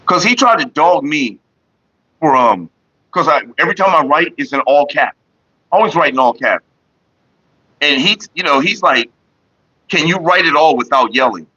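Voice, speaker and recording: A man's voice: fairly high pitch, animated, moderate pace, pauses often, sharp tone, slightly rough, no room sound. A young man vlogging, retelling an online argument in a casual, profane, laughing way on a dull lo-fi home recording. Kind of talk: casual storytelling.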